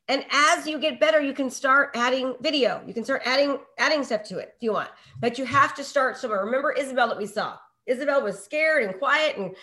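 A middle-aged woman with a fairly high voice leads a live online coaching session for real estate agents. She talks with lots of energy, keeps asking the group questions and checks in with "okay?" again and again. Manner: energetic, peppers talk with rhetorical questions and "okay?".

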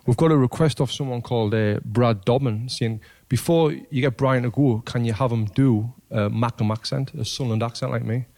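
A man's voice: mid-range voice, a little fast, hardly any pauses, mellow. An English man hosting a podcast, easygoing and chatty. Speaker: podcast host. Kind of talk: casual podcast chat.

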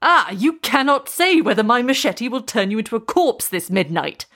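A woman's voice: fairly high pitch, very animated, normal speed, a bit bright, full character voice. A woman voicing a stern young man. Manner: firm, insistent demands. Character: angry, determined young man with a machete.

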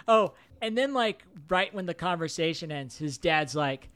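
A man's voice: on the high side, fairly quick, few pauses, no room sound. A man co-hosting a podcast in casual chat, telling the story and acting out the characters' lines with animation. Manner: animated, acts out quotes from the film. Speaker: podcast co-host.

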